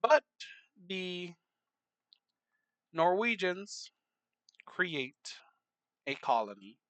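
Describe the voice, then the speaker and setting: A man narrating a map game in casual commentary, unhurried, muttering asides to himself. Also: high-pitched, big pitch swings, a bit bright, no echo.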